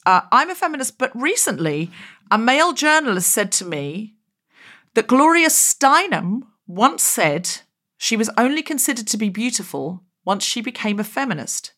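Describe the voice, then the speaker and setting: A woman hosting a comedy podcast over a video call, telling self-mocking stories with lively energy. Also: medium pitch, normal speed. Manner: animated, self-mocking storyteller. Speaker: podcast host. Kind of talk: comic conversational chat.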